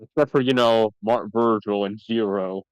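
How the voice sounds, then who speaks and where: A man's voice: on the low side, steady tone, moderate pace, smooth, dry recording, rough recording. A man co-hosting a podcast, making rambling, sarcastic asides while watching a movie. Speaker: podcast co-host. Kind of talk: casual movie-riffing chat.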